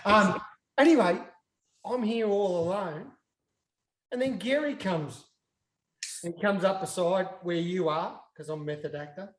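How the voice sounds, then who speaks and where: A man's voice: high-pitched, measured pace, pauses often. A man with an Australian accent, a guest and former footballer, telling an anecdote with props and acting out the scenes as he goes. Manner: lively storyteller, re-enacting scenes. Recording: roomy echo.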